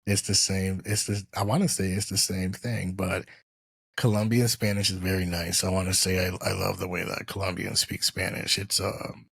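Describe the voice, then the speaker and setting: Low gravelly-voiced man hosting a chat. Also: little pitch movement, normal speed, fairly bright tone, no echo. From US East Coast. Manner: easygoing, rambling, frequent fillers. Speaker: podcast host. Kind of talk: casual interview chat.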